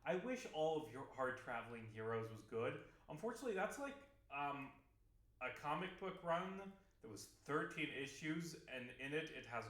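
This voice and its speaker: A man's voice: mid-range voice, fairly bright tone, echoey room. A man vlogging casually over gameplay, rambling with lots of fillers, restarts and casual swearing. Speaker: video game vlogger.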